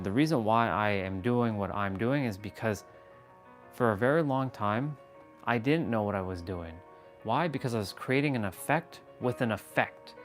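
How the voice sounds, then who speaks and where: A man on a motivational livestream, talking with emphatic repetition, playful mock-scolding asides and casual swearing. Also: lowish voice. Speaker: motivational live streamer.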